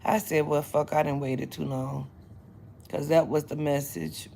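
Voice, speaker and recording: Gravelly, slow-talking woman. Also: low voice, level tone, a little hiss or hum. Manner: profane, loud, laughing storyteller. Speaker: psychic livestream host. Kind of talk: casual livestream chat. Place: bedroom, indoors.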